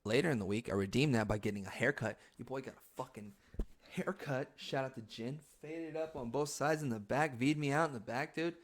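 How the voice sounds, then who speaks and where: A young man hosting his own podcast, chatting casually about his week. He talks loosely and profanely, jumping between quiet asides and sudden loud bursts. His pitch sits in an ordinary middle range. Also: fairly quick. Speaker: podcast host. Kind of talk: casual storytelling monologue.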